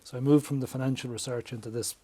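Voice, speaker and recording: A man's voice: medium pitch, fast talker, a crowd in the background. A man chatting in a podcast interview, telling stories and acting out quoted dialogue. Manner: animated storyteller, acts out quoted dialogue. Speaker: podcast guest, business coach. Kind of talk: casual interview chat.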